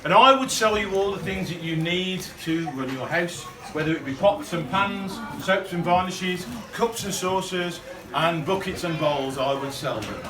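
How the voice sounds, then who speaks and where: A man playing a shopkeeper guide, leading a school group in a playful call-and-response talk, teasing and often shouting. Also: high-pitched, normal speed. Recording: roomy, distant mic, loud crowd of children.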